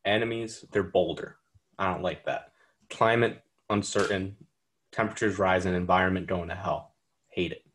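A man putting on the voice of a gruff male president giving a blunt, clipped campaign speech. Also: deep voice, steady tone, moderate pace, a bit bright, pitched below the performer's own voice.

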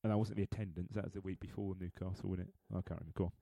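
A man's voice: low-pitched, steady tone, very fast, creaky, dark tone, dry recording. A man co-hosting a podcast, bantering playfully and easily surprised. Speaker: podcast co-host. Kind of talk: casual chat.

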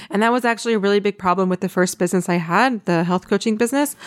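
A woman hosting her own podcast, talking candidly and emphatically about coaching, stressing points by repeating words. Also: mid-range voice. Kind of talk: solo podcast talk.

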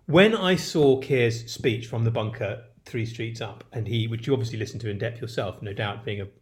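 A man's voice: mid-range voice, normal speed. A man co-hosting a casual chat, teasing and rambling, with plenty of swearing. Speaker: podcast co-host.

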